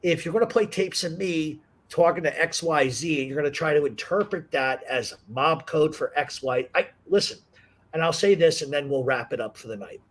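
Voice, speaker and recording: A man's voice: on the high side, normal speed. A man hosting a talk show, telling stories casually with lots of swearing. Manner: profane, animated storyteller. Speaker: podcast host. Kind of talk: casual storytelling chat.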